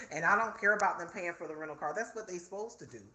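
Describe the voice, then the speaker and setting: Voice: medium pitch, a little fast, bright, forceful tone, a little hiss or hum. A vlogger in their forties, venting casually to viewers while filming themselves indoors. The delivery is chatty and indignant. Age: 40s. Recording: echoey room.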